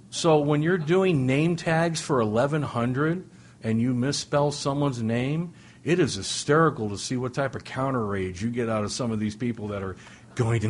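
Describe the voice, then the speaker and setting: A man's voice: mid-range voice, slight background noise. A middle-aged man telling a humorous personal story to a recovery meeting, self-deprecating and full of restarts and asides. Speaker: speaker sharing at a recovery meeting.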